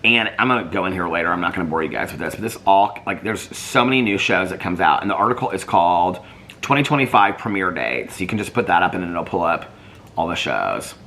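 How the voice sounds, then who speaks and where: Male vlogger, deep soothing voice with a lively pitch, chatty and rambling. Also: quick pace, slight background noise. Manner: chatty, rambling, thinks aloud while searching online. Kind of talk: casual chat reading viewer comments.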